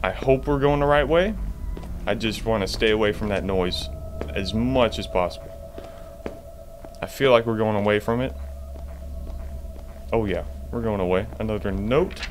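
A man's voice: fairly low pitch, moderate pace, long pauses, a little hiss or hum. A man giving jumpy, profane commentary to himself while playing a horror game. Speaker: gamer.

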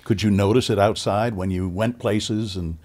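A male podcast host with a low, husky voice and a mellow, dark tone. He puts in short remarks and questions to keep his guest going. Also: steady tone, moderate pace. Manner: brief interjections and questions. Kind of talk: interview.

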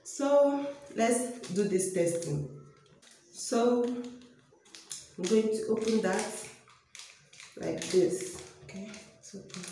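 A young woman with a Nigerian accent, vlogging casually to her viewers at home, excitable and repeating herself as she talks straight to them. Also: mid-range voice, very slow, long pauses, a little hiss or hum. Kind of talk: casual vlog talking to camera. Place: home room by a toilet, indoors. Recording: very echoey small room.

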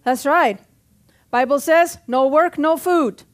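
A woman's voice: sits high, slow. A middle-aged woman pastor preaching a sermon in a church, punchy and joking, often calling out for an amen. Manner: punchy, joking, calls for amens.

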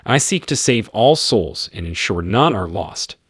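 A man voicing the Lord as a calm, reassuring, fatherly figure in a spoken story. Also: fairly low pitch, a little slow, slightly rough, dry recording, clean studio sound, full character voice. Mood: gentle. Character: gentle, patient divine male Lord.

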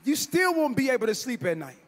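A man preaching a sermon as pastor, in a sing-song style that climbs into shouts and repeats lines for emphasis. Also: very high-pitched, sing-song, fast. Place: large church hall. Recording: long hall reverb.

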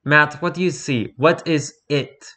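Dude doing a stern detached doctor guy, bright voice, no feeling. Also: fairly high pitch, a little slow, voice pushed up. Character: cold, clinical male researcher doctor.

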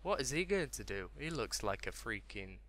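A young man giving excitable let's play commentary, exclaiming and talking to himself as he plays. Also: medium pitch, normal speed. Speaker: gaming video host.

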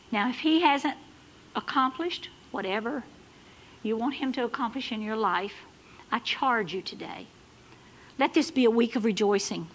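A woman with a drawl preaches from the pulpit, her voice pitched high. She swells from conversational asides into loud, fervent exhortation. A faint noise floor sits under the church recording. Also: normal speed, rough recording. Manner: builds to fervent, loud exhortation with Southern turns of phrase. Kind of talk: sermon. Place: church sanctuary.

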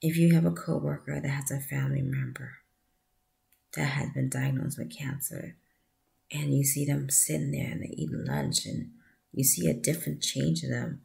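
A woman giving a heartfelt personal testimony, speaking softly and often dropping to a breathy near-whisper, with earnest appeals to the listener. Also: a bass voice, moderate pace. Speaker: vlogger sharing a personal story.

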